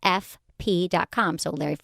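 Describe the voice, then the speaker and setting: A woman's voice: fairly low pitch, normal speed, vocal fry, a bit bright, no echo, studio quality. A middle-aged woman hosting a podcast, chatting in an upbeat, rambling way. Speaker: podcast host. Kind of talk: casual chat.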